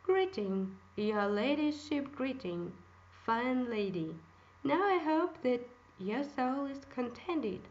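A meek old fisherman from a fairy tale, voiced by a woman reader, bowing and pleading in a humble tone. Slow, fairly high delivery on a dull, lo-fi recording. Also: animated.

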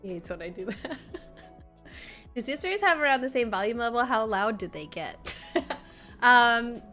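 With a bright, forceful voice on the high side and lively intonation, a young woman talks at normal speed while hosting a casual livestream as community manager. She chats with viewers and coos at her dog in baby talk, faint music behind her.

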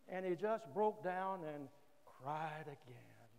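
High-voiced preacher guy taking his time, lots of uh's, big echoey church. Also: expressive, creaky, darkish tone. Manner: measured, frequent "uh" pauses, repeats key phrases. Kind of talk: sermon. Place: church sanctuary. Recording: long church reverb.

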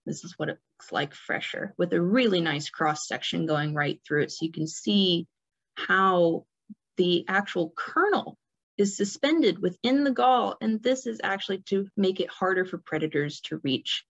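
A woman with a fairly low voice gives a loose, chatty lecture at a nature center. She talks in a relaxed way, with plenty of ums and restarts. The recording sounds dull and lo-fi. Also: moderate pace. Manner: relaxed, many fillers and restarts. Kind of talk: informal illustrated lecture.

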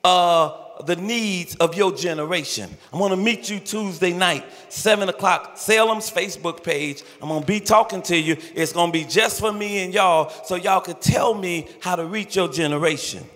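An older male pastor preaching an impassioned, pleading sermon with rhythmic repeated phrases and shouted peaks, recorded in a large church sanctuary. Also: high-pitched, normal speed, hardly any pauses. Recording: echoey church hall with long reverb.

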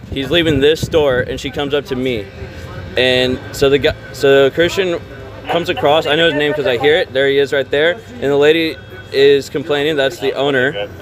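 A man live streaming on a city street at night, talking excitably and confronting the people around him, filmed on a handheld phone. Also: mid-range voice. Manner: excitable, confrontational, talks over others. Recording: busy street crowd noise.

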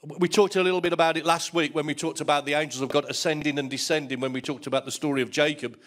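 A man's voice: a little high, fairly even intonation, fast, a bit bright. A middle-aged man preaching a sermon as pastor, telling stories and repeating words as he starts a thought.

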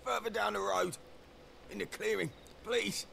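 A man's voice: high-pitched, steady tone, unhurried, vocal fry, sharp tone, a little hiss or hum, heavily acted. An actor playing a wounded male soldier in a video game, speaking in a strained, coughing, urgent plea. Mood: urgent, pleading.

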